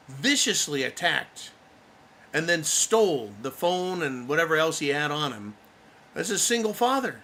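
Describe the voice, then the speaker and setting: A man's voice: fairly high pitch, bright, forceful tone, slight background noise. A man hosting a livestream, giving angry, blunt political commentary and swearing freely. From United States. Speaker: livestream host.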